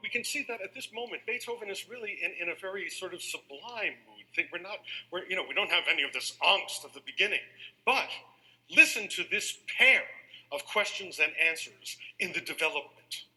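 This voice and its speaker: A man giving an animated music lecture to a live audience, leading them in counting beats and singing rhythms. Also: sits high, a little fast, low-quality recording.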